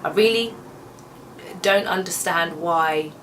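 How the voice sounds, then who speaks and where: A woman's voice: on the low side, takes it slowly, fairly bright tone, far from the mic, slight background noise. A young woman giving a casual, chatty, opinionated film review, laughing as she goes.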